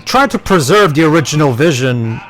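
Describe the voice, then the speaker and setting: A man chatting as co-commentator on a let's-play, halting and restarting his sentences as he works out a point. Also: on the high side, expressive, a bit bright, faint music behind.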